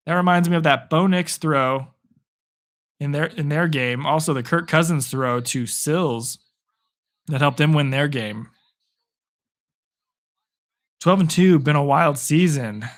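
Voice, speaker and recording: A young man from Arizona, voice fairly high and worn hoarse from a long day, gives casual football play-by-play on a live stream. Between chats with viewers, he grows excited whenever a big play comes.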